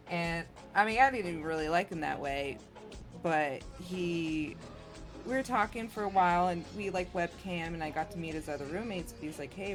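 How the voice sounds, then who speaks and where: A young woman chats as a guest in a laid-back, easygoing way, swearing casually. Her voice sits a little low, and faint music runs behind her. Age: young adult. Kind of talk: casual chat.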